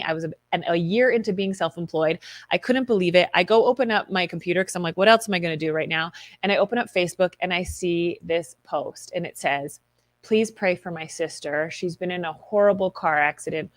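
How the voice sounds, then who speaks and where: A woman's voice: mid-range voice, fairly quick, no echo. Candid woman on a dry close mic. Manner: candid, animated storytelling with quoted inner voices. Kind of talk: live-stream talk reading viewer comments.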